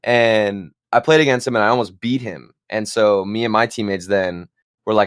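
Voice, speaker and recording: A man's voice: on the low side, normal speed, smooth, dry recording, clean studio sound. A young man on a podcast, telling stories in casual chat and rambling as his voice drops off at the ends of phrases. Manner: rambling storyteller, trails off quietly. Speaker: podcast guest.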